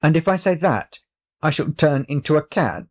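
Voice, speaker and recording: A headstrong young boy from a storybook, as a man puts him on, his voice pitched high and bright with indignation. He talks eagerly, sure of himself, quick to defy. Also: animated.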